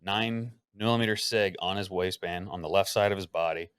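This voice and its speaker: Low-voiced man telling a story. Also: fairly quick, clear, resonant tone, no room sound, clean studio sound. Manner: animated, acts out quotes, swears freely. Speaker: podcast host. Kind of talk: casual storytelling chat.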